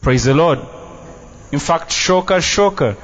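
A man's voice: fairly high pitch, animated, a little slow. A man preaching a sermon as pastor in a church, emphatic and playful, dropping Luganda phrases into his English. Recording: dull, muffled sound.

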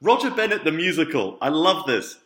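A man's voice: on the high side, very animated, fairly quick, a bit bright. Man in playful banter, echoey room. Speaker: podcast co-host. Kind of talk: casual chat.

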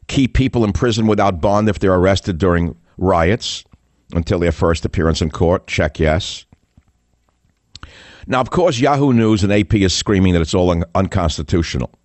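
A man's voice: deep voice, darkish tone, no room sound. An older man hosting a talk show, giving a scornful, combative political monologue that leans on repeated phrases for emphasis. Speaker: talk radio host.

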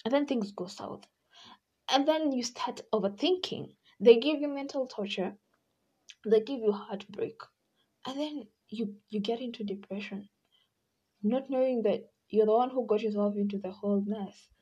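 A woman talks her way through relationship advice in a loose, chatty podcast monologue, and she slips into little acted-out voices as she goes. Her voice is mellow and a bit husky, with a soft, dark tone. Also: on the high side, normal speed, highs cut off. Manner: chatty, acts out quoted voices, laughs often. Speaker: podcast host.

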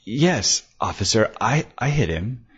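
A man's voice: lowish voice, sing-song, unhurried, slightly rough, full character voice. A male narrator voicing a delicate young woman who pleads hesitantly. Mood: pleading. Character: nervous, delicate young woman under questioning. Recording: dull lo-fi recording.

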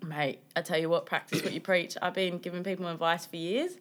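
A woman's voice: fairly low pitch, steady tone, fairly quick. A young woman co-hosting a podcast in casual chat, joking, laughing often and swearing freely. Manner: swears a lot, jokey, laughs often, dips into accents. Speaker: podcast co-host.

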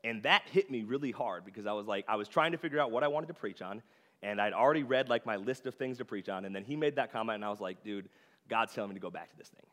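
A man's voice: mid-range voice, lively intonation, fast, fairly bright tone. A young man giving a casual, conversational sermon, full of filler words, in a church sanctuary. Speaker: preacher. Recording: long hall reverb.

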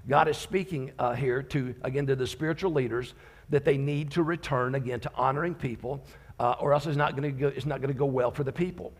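A man's voice: medium pitch, fairly quick. A man preaching a sermon as a visiting pastor, talking conversationally with restarts and light teasing.

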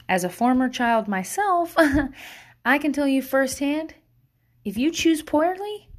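A high-voiced woman speaks as a mother handing out parenting advice in a casual monologue. She's blunt, swears freely, laughs, and drifts off onto tangents.

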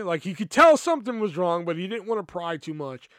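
A young man tells a story from his old job in a loose, swearing, animated way, quoting everyone he talked to. His voice sits a little higher than most men's. The sound is dry and close, with no room echo. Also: fast. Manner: profane, animated retelling with quoted dialogue. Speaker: podcast host. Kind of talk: casual storytelling.

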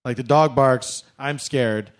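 A man's voice: mid-range voice, fairly even intonation, slow. A man doing a comic monologue, sarcastic and mock-formal, often laughing as he talks. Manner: laughs through his words. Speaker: comedian.

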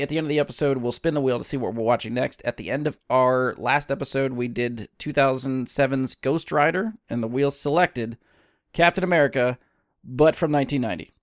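A man's voice: mid-range voice, no echo, clean studio sound. A man hosting a podcast, casually walking through the show's format with small fillers along the way. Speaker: podcast host.

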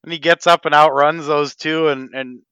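Casting: bright, smooth-voiced man, easygoing podcast co-host, laughs a lot, dry slightly dull mic. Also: a little high, fairly even intonation, normal speed, no echo. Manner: laid-back, agreeing, laughs often. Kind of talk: casual movie podcast chat.

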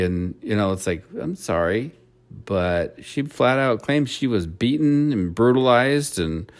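A man's voice: on the low side, measured pace. A man hosting a solo opinion podcast, ranting in a blunt, profane way. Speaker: podcast host.

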